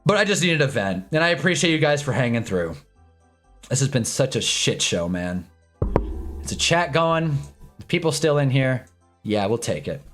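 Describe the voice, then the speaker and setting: A young man streamer telling an exasperated, animated story in a casual rant, swearing as he goes. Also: medium pitch, moderate pace, long pauses, faint music behind. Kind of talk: casual ranting livestream.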